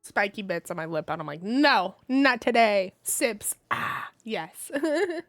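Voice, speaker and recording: A woman's voice: mid-range voice, very animated, unhurried, a bit bright, no room sound, faint music behind. A woman streamer chatting casually while she plays a game, giggling often and poking fun at herself. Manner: chatty, giggly, self-deprecating. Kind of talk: casual livestream chat while gaming.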